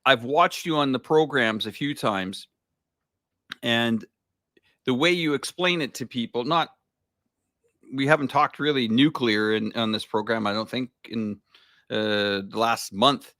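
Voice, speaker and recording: Slow, bright-voiced male host. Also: mid-range voice, dry recording, studio quality. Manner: halting, searching questions with fillers. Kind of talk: livestream interview.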